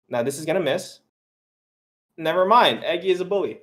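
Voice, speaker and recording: A young man casting a live esports match, excitable and quick to laugh as he banters with his co-caster. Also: fairly high pitch.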